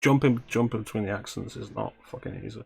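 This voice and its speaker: A man's voice: lowish voice, fast, gravelly, a little hiss or hum. A man co-hosting a casual stream, reading a script aloud and swearing freely while joking about his own attempts at accents. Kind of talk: casual chat.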